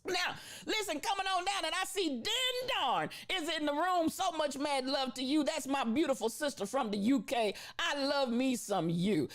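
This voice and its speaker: A woman hosting a live stream in a high, lively voice that swoops up and down. She laughs often, repeats phrases for emphasis and calls her viewers baby and sister as she gives them shout-outs. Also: normal speed, few pauses.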